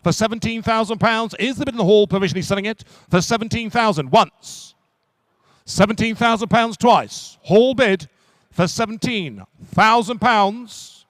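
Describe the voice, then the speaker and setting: A man working as an auctioneer at a live car auction, calling bids in quick repetitive runs. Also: high-pitched, a bit bright, no echo. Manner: rapid repetitive bid calling.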